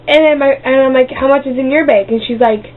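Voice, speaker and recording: A woman's voice: high-pitched, fairly quick. A woman telling rambling, silly stories as a vlogger, bouncing between tangents and throwing in sound effects and goofy voices. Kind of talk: rambling comic storytelling. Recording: tinny lo-fi webcam audio with faint hiss.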